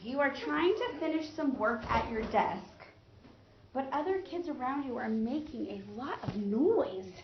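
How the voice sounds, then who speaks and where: A woman's voice: high-pitched, lively intonation, a little slow, dull audio, background noise. A woman teaching first graders in a classroom, patiently prompting them with questions and praise. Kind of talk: classroom lesson to young children. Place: elementary school classroom.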